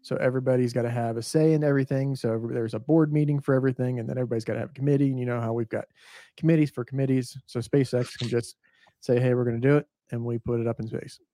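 A man who produces the show chimes in to explain things in a quick, matter-of-fact way. He talks fast in a flat, mellow, mid-pitched voice. The sound is dry and close. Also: no room sound. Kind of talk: casual chat.

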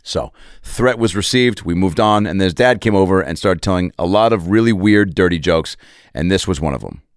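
A man's voice: sits low, normal speed, smooth, no room sound. A male comedian hosting a podcast, telling a story and acting out the voices in it. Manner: animated, acts out voices in stories.

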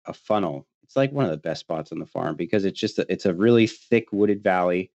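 Man, casual storyteller, low voice, laughs often, acts out quotes, dry dull sound. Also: fairly quick, dry recording. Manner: animated, laughing often, acting out quoted friends. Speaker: podcast guest telling a hunting story.

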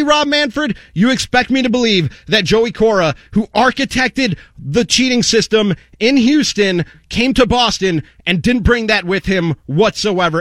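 High-voiced man in a furious rant. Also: a bit bright, dry recording, clean studio sound. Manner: angry, sarcastic, repeatedly addressing an absent target. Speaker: sports radio host. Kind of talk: heated sports talk rant.

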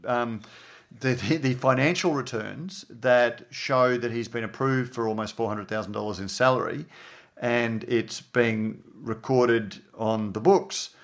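A man's voice: mid-range voice, unhurried. A man with an Australian accent, a journalist co-hosting a podcast, chatting casually and acting out quoted conversations. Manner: animated storytelling, acts out quoted dialogue.

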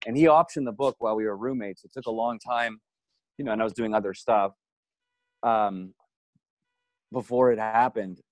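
A man's voice: on the low side, normal speed, long pauses, no echo, poor audio. Man telling a rambling story, dry close sound. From Canada. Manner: animated storyteller, self-deprecating, swears freely. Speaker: guest actor. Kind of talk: casual podcast storytelling.

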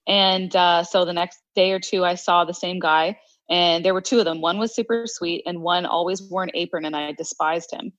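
Woman cohost, wry storyteller, laughs a lot, lowish voice, dry kinda dull sound. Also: fairly even intonation, normal speed, a bit bright, dry recording. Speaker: podcast co-host. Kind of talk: casual storytelling chat.

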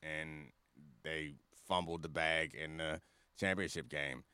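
A man with a deep but forceful, bright voice co-hosts a sports podcast. His takes are opinionated and easygoing. The sound is dry and close, with no room around it. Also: steady tone, slow pace, smooth, no echo. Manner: easygoing, opinionated, loose phrasing. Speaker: podcast co-host. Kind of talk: casual sports talk.

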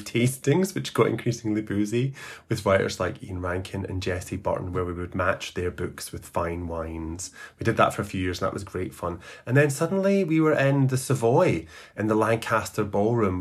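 A man, founder and host of a literary podcast, fondly looking back in a chatty, nostalgic monologue full of asides. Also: on the low side. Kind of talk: reflective farewell monologue.

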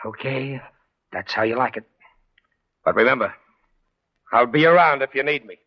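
A man's voice: medium pitch, normal speed, natural voice. A man playing a brash, needling inspector in a 1940s radio drama. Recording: dull 1940s radio broadcast.

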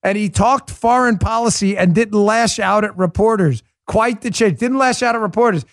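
A man hosting a political commentary podcast, talking in a sarcastic, mocking, animated way. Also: sits high, moderate pace, dry recording, clean studio sound. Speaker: host.

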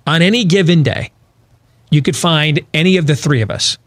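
A man's voice: fairly high pitch, normal speed, no room sound. A man hosting a political talk show, talking emphatically with rhetorical questions and frequent restarts.

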